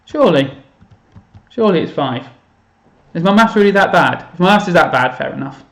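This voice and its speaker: A man's voice: fairly high pitch, expressive, a little fast, gravelly, a bit bright, roomy sound. A man chatting casually on a live stream while playing a game, self-mocking and thinking aloud to his viewers. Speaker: teacher streaming to students. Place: home room.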